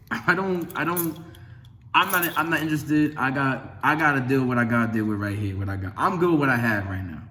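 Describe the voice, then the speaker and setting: This man's medium-pitched voice sounds pushed and bright, going a little fast. As a religious video host, he reads scripture and muses casually about it and his life, rambling with many restarts and occasionally retelling conversations in a raised, acted-out voice.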